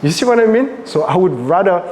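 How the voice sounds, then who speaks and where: French-accented male dance coach, lively workshop teaching, reverberant room. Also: sits high, a little fast, slight background noise. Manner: animated, asks frequent check questions.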